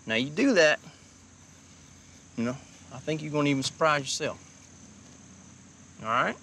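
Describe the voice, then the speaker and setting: A man playing a gentle, encouraging father who coaxes his son along with folksy talk, in a film drama. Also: fairly high pitch, animated, moderate pace, a little hiss or hum. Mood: coaxing. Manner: folksy, coaxing pep talk. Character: gentle, encouraging working-class Southern dad.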